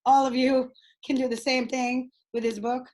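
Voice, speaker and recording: A woman leading a group coaching call over video, bubbly and excitable, laughing often. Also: high voice, moderate pace, rough recording. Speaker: speaking coach.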